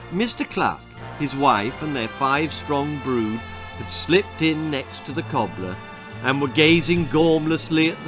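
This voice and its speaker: Man telling a playful storybook tale. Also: mid-range voice. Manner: playful, theatrical. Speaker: author reading his story. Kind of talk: storybook reading.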